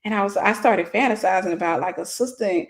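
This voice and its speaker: A woman's voice: medium pitch, fairly quick. A woman minister in her forties telling a personal story in a casual livestream sermon, greeting viewers by name.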